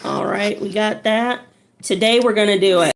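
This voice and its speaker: A woman's voice: mid-range voice, fairly even intonation, gravelly. A woman who is a social worker, chatting casually and laughing while strumming a ukulele. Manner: chatty, laughing, unhurried storytelling.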